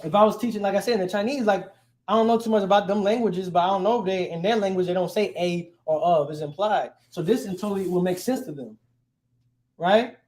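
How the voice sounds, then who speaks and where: Fairly quick and a little mellow, this man's high voice carries a relaxed language lesson. He keeps the class conversational and keeps checking on students with "right?".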